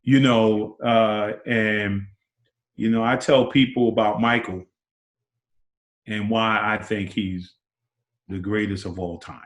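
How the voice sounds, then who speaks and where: Animated storytelling man, low voice. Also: slow pace, pauses often. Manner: acts out quotes with big pitch jumps, repeats words. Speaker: interview guest, former basketball player. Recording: roomy echo.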